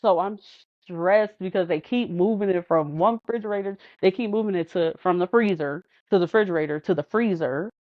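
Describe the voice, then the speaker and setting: A woman guest on a podcast, telling lively stories and acting out what others said, laughing often. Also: on the low side, brisk, no echo. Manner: animated, acts out quotes with laughs. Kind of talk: casual storytelling chat. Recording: dull, lo-fi podcast audio.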